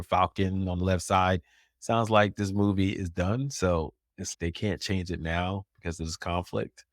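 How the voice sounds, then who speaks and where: A man co-hosting a casual pop culture podcast, animated and laughing often. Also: low voice, no echo, studio quality. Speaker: podcast co-host.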